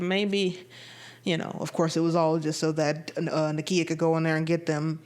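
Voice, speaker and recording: A woman vlogger giving a casual, animated movie review, emphatic and swinging between excited high bursts and low, flat drops. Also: normal speed.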